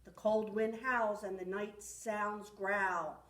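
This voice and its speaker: A woman's voice: mid-range voice, steady tone, slow, a bit bright. A woman reading a rhyming picture book aloud at a library storytime with rhythmic expression. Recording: echoey room, far from mic.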